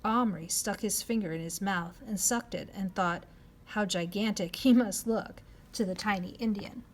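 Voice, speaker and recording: A woman narrating a children's novel in a measured storytelling voice, dropping to a hush at times. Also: mid-range voice, slight background noise. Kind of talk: reading a children's novel aloud.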